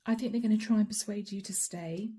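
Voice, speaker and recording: A woman's voice: medium pitch, a little fast, warm tone, husky. A woman giving a channeled tarot reading, talking straight to the viewer in a musing, reassuring way. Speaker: tarot card reader.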